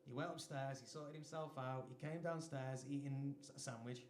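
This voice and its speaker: A man's voice: mid-range voice, steady tone, moderate pace, darkish tone, a little hiss or hum. An English man, a singer-songwriter performing live, telling a chatty, self-deprecating anecdote on stage between songs. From England. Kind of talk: onstage storytelling between songs. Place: live music venue stage. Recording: echoey live venue sound.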